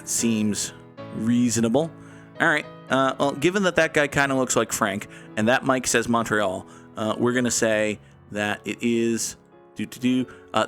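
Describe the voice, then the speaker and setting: A man streams a game and chats casually, with a playful, joking manner and a mid-pitched voice. He talks to his viewers as he plays. Soft music runs faintly underneath. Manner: playful, jokey, reads and answers chat. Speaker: streamer and host. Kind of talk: casual live-stream chat while playing a game.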